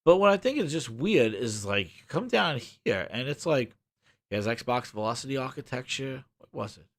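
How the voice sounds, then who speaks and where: Indignant lively male gaming streamer. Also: moderate pace. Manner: sarcastic, indignant, swearing; muttering low while reading, louder when ranting. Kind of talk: ranting commentary while reading a web page.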